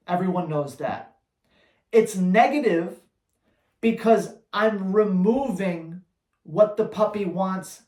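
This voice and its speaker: A man who trains dogs, answering viewer questions on a live Q&A in a blunt, energetic, slangy way. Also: high-pitched, echoey room. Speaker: dog trainer.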